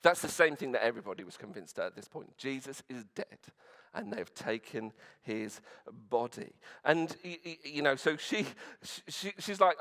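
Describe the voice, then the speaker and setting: A male pastor delivers a sermon in a church, retelling the story in an earnest, conversational way. He often restarts his sentences and drops in fillers as he goes. His voice sits a little higher than most men's. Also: animated, moderate pace, fairly bright tone.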